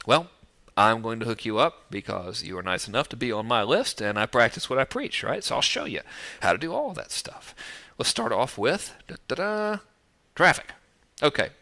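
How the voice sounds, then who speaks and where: A man's voice: a little high, creaky. A man teaching online marketing in a casual direct-to-camera talk, joking and breezy, recorded outdoors. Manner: joking, breezy and animated, with playful sound effects. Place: outdoors overlooking the ocean.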